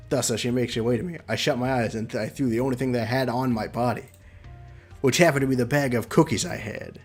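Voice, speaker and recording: Brief: chatty young male streamer, mid-pitched voice, game read-along, soft music. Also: quick pace, husky. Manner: playful, chatty, laughs between lines. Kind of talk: reading a visual novel aloud with commentary.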